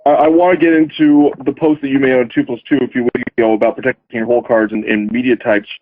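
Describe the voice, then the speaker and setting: A man hosts a poker radio talk show and keeps pressing his guests with pointed questions. His voice sits at an average pitch. It comes through a thin, phone-like line. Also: flat delivery, fast talker. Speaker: host.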